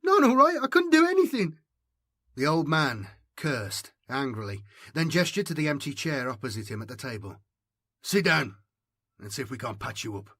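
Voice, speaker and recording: Clean studio sound without echo carries a man's mid-range voice as he narrates an audiobook, keeping his storytelling steady and measured.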